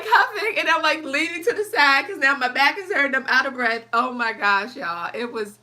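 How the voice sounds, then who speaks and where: Young woman vlogger, casual chat to camera, bright tone, lively storyteller. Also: high voice, normal speed, few pauses. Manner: animated storytelling, chatty, reads live comments.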